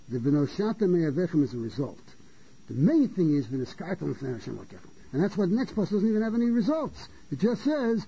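Man, Torah lecture, high-pitched for a man, husky, dull lo-fi sound, repeats himself, rhetorical questions. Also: dark tone. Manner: halting, repeats and restarts phrases; poses rhetorical questions and answers them. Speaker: Torah teacher. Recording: dull lo-fi recording.

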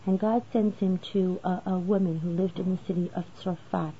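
A woman gives a religious lesson, walking through the text and raising rhetorical questions as she goes. Her voice sits at a middle pitch. The recording is slightly dull and lo-fi, with a faint hiss underneath. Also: steady tone, moderate pace. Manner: explanatory, asks rhetorical questions. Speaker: Torah teacher.

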